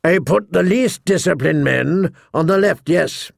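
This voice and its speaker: An icy, commanding old lord, as a male narrator plays him, speaking slowly and without feeling. The voice is gravelly and dry, close to the mic. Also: a little high, dry recording. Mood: cold. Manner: measured, expressionless, commanding. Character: cold, calculating older male lord, father. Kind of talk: audiobook character voice.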